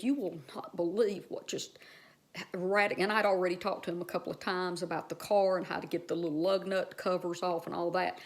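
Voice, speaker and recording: A woman's voice: lowish voice, gravelly. A woman vlogger telling a personal story in a casual, heartfelt, rambling way, speaking straight to her viewers.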